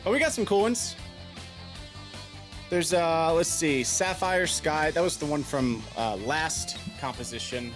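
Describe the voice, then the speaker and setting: Seated at his piano on a live stream, a man talks easily with viewers, reading out their messages and humming, laughing and thinking aloud as he considers them. He speaks a little slowly in a fairly high voice, over soft background music.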